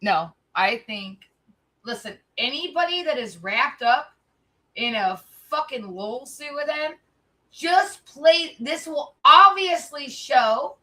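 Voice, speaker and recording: A woman hosting a reaction livestream, talking at an unhurried pace. She gets heated, swears freely and speaks right to her chat. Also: sits high, animated, sharp tone, rough recording.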